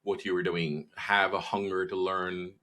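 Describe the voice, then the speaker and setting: A man, a marketing guest in an interview, giving measured advice with frequent fillers. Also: deep voice, level tone, sharp tone.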